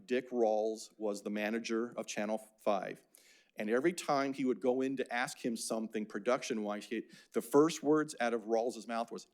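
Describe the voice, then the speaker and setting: An older man from Phoenix, Arizona gives a casual, anecdotal lecture about slides in a medium-pitched, darkish voice. He uses many fillers and restarts.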